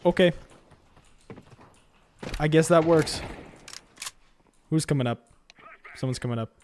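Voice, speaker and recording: A man streaming a shooter game, rambling to his viewers between sudden excited outbursts. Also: fairly high pitch, takes it slowly, slight background noise. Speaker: gaming streamer. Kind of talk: live gameplay commentary chatting to viewers.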